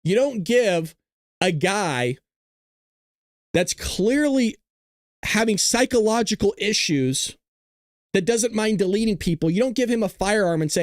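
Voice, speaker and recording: A male host of a live talk show reads headlines and mocks them. His voice sits high for a man, and the sound is dry and close with no room around it. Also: animated, measured pace, long pauses, dry recording. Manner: sarcastic, mocking, reads news aloud.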